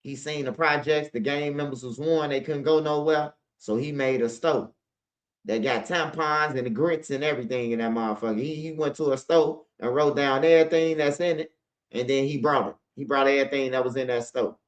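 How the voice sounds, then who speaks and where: A Chicago-accented man hosts his own channel, speaking at medium pitch and a little fast, with the high frequencies cut off. He rambles through profane stories, peppers his lines with "bro," and talks directly to viewers, asking them to comment. It's a casual storytelling monologue.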